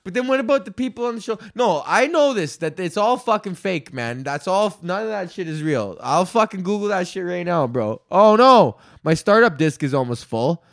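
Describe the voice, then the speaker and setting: A man's voice: high-pitched, expressive, normal speed, creaky, few pauses, dry recording, clean studio sound. A man in his thirties hosting a solo podcast, ranting loosely with lots of swearing and filler words. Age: 30s. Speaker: podcast host.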